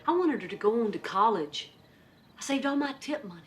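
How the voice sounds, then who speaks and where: A woman's voice: a little high, expressive, fairly quick, natural voice. An actress playing a middle-aged wife and mother who dreams of going to college, speaking with a twangy accent. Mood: wistful. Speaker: film character in clips. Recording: film audio with soft music.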